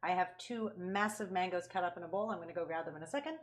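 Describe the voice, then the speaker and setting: A woman's voice: lowish voice, quick pace. A woman co-hosting a casual cooking and drinks show, chatting playfully while explaining a recipe.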